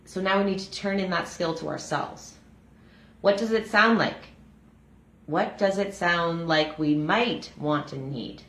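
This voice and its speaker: A woman's voice: on the low side, fairly bright tone. Earnest woman in an echoey room. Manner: earnest, heartfelt, many fillers like "um" and "like". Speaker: energy healer and breath facilitator. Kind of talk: reflective self-help reading and chat.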